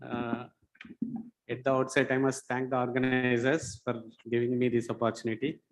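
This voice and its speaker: A man's voice: medium pitch, monotone, moderate pace, rough recording. A man, opening his conference talk by courteously thanking the organizers. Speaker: invited speaker.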